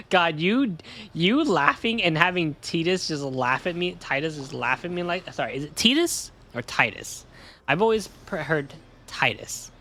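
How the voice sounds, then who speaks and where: A man's voice: a little high, animated, unhurried, sharp tone. A man streaming a game live, chatting casually in a rambling, joking way and swearing freely.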